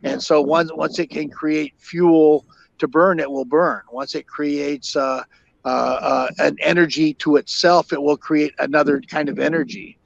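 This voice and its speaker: Gravelly older man telling fire stories. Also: on the high side, little pitch movement, no echo. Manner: halting, many fillers and restarts. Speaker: podcast guest, retired fire captain. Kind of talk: storytelling interview. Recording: dull lo-fi dry sound.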